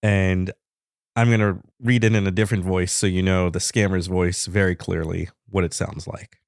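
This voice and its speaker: A man's voice: low-pitched, level tone, normal speed, vocal fry, clean tone, no room sound. A man co-hosting a podcast in casual banter, telling the story in a dry, matter-of-fact way. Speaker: podcast co-host.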